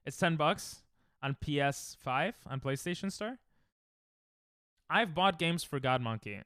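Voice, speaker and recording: Bright, crisp young male streamer. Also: on the high side, lively intonation, a little slow, no echo, clean studio sound. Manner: rambling, self-mocking, chats to viewers. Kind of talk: casual live-stream chat while gaming.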